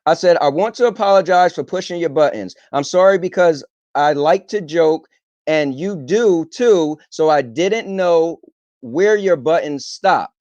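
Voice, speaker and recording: A man's voice: on the high side, measured pace, dry recording, dull audio. A man hosting a podcast, telling a long story casually with lots of ums. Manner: rambling, animated retelling with filler ums. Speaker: podcast host.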